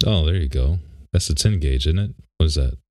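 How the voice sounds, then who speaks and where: A man's voice: very deep voice, fairly quick. A young man co-hosting a podcast, chatting in a laid-back, rambling way and laughing often. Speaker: podcast co-host. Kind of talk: casual chat. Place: home office.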